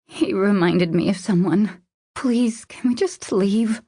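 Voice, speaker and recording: A woman's voice: mid-range voice, slow, mellow, husky, no echo, clean studio sound, voice pushed up. A woman reading the lines of a frightened young woman in the midst of a panic attack, breathless and pleading. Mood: panicked.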